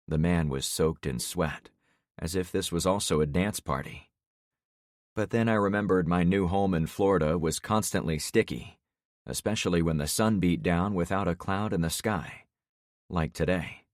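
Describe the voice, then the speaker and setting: A man reading a first-person audiobook in a steady, measured way. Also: sits low, dry recording, studio quality. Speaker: audiobook narrator. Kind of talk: scripted first-person narration.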